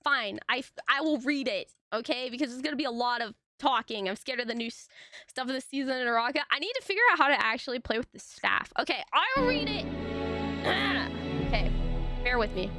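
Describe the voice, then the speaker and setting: A young woman streaming, telling stories in casual chat, animated and full of tangents and swearing. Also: high voice, fairly quick, faint music behind. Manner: animated, tangent-prone storytelling with frequent swearing.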